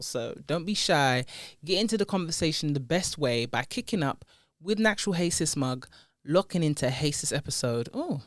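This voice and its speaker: A woman's voice: low-pitched, dry recording, studio quality. A woman hosting a podcast, chatting casually and playfully, laughing often and using slang. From United Kingdom. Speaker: podcast host. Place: seated indoors. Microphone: podcast microphone.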